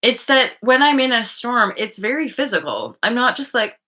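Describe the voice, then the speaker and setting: This woman hosts a casual live stream on spiritual healing, speaking candidly as she thinks aloud, full of fillers and now and then a curse. Her voice runs fairly high with wide pitch swings, a moderate pace and a bright, forceful quality.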